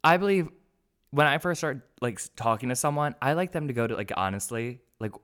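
A young man with a mid-pitched voice chats on a podcast in an animated, rambling way. He acts out his own lines of dialogue and laughs often. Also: fairly quick. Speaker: podcast co-host. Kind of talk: casual chat.

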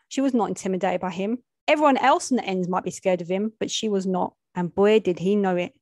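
A woman narrating a gritty urban story. She reads in a plain, steady, medium-pitched voice and drops easily into street slang. The recording is close and dry. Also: brisk, hardly any pauses, no echo. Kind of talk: reading a gritty first-person-style short story aloud.

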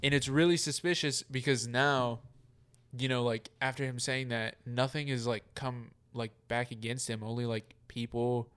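A man's voice: mid-range voice, fairly even intonation, normal speed, a bit bright, clear, resonant tone. A man co-hosting a casual chat podcast, talking loosely with lots of fillers and the odd swear word. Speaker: podcast co-host.

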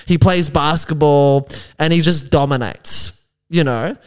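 A man, a comedian guest, telling rambling, animated stories in casual chat. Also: fairly high pitch, unhurried, clean tone. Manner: rambling, animated anecdotes with filler "like".

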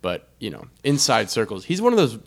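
A young man co-hosting a podcast, chatting casually about sports with an animated, joking manner and frequent asides. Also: lowish voice, fairly quick, creaky. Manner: animated, laughing, trailing off into asides. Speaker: podcast co-host.

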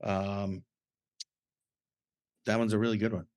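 A man's voice: fairly low pitch, flat delivery, takes it slowly, darkish tone, no room sound, studio quality. Laid-back swearing male podcast host. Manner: loose, profane, laid-back. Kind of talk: casual podcast chat.

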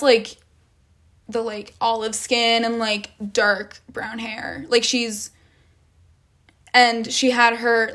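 Young woman, vlogger, somewhat high voice, rambling storytime, lots of filler words and cursing. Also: fairly bright tone. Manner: rambling, heavy on "like" and swearing. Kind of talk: casual storytime.

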